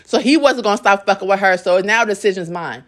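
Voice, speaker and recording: A young adult woman vlogger, medium-pitched and a bit bright, talks fast as she tells her viewers a personal story. She's blunt, profane and candid, dramatically acting out what people said.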